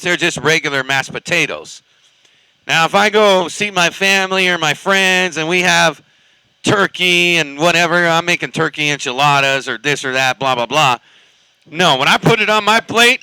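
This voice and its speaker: Give me a laid-back, rambling man from California on a CB radio, with a smooth, dry and slightly high voice. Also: sharp tone, dry recording, poor audio. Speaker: CB radio operator. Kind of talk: casual CB radio chat.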